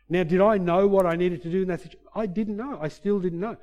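A male preacher delivering a sermon with a mellow, warm tone and a slightly raised pitch. He shifts between loud, emphatic passages and quiet, low asides. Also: expressive, fairly quick.

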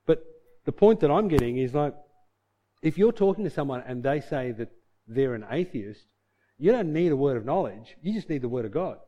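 A man's voice: mid-range voice, animated, normal speed, mellow, lo-fi sound. A man preaching a sermon, reading scripture and telling a personal story in an earnest, conversational way. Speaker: pastor.

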